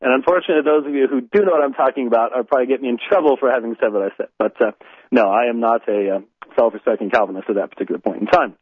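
A man's voice: medium pitch, racing, breathy edge, no echo. Rambling American man on a tinny line. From United States. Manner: rambling, many fillers and restarts. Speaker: radio show host. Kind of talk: casual call-in show chat. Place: indoors in a home in north London. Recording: dry tinny phone-like line.

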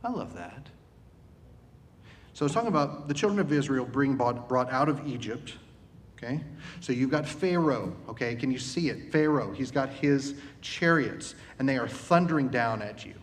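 Man preaching a sermon in a reverberant hall. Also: lively intonation. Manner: recites a poem slowly, then preaches conversationally with asides. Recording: reverberant hall with faint rumble.

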